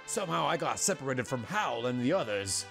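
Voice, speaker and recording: A man voicing a weary retired army lieutenant in an old west game, with a put-on western drawl and a steady, plainspoken delivery. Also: medium pitch, a little fast, vocal fry, music in the background. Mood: grim.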